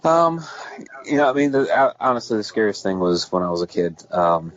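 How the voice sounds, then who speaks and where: Low voiced guy, kinda muffled line, um-ing through his answers. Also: big pitch swings, brisk. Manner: hesitant, lots of fillers. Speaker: guest author and investigator. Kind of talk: casual interview answers.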